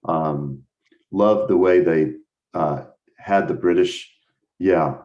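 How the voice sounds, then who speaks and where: A man's voice: low voice, slow, dull audio. An American man teaching a live math lesson over a video call, explaining with enthusiasm and thinking aloud as he goes. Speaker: instructor.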